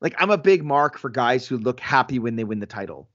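A man co-hosting a podcast in casual chat, animated, laughing often and acting out quotes. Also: mid-range voice, a little fast, dry recording, highs cut off. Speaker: podcast co-host.

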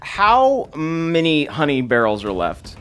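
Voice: medium pitch, huge pitch swings, slow pace, fairly bright tone, faint music behind. A tabletop game player who talks hesitantly and asks a lot of questions. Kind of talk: casual tabletop game chat.

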